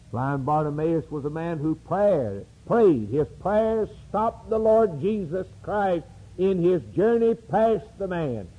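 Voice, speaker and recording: A male preacher delivers a sermon at a slow, deliberate pace. His voice is husky and mellow, and his pitch swings widely from loud emphatic peaks down to hushed low phrases. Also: expressive, poor audio. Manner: dramatic preaching with sweeping rises and drops.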